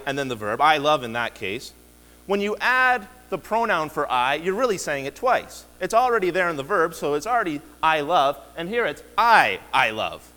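A male pastor delivers an earnest sermon with a lively, rising and falling voice that sits a touch high for a man. He leans hard on key words and often restarts his phrases. The sound carries a long church-hall reverb. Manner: earnest, emphatic preaching with repeated restarts. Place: church sanctuary.

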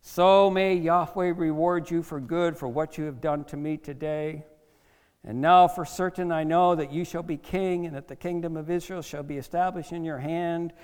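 A man's voice: fairly high pitch, fairly even intonation, moderate pace, a little mellow, clear, resonant tone, long reverb tail, natural voice. A man voicing an aging king who cries out with remorse and pleads with the man he hunted. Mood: pleading.

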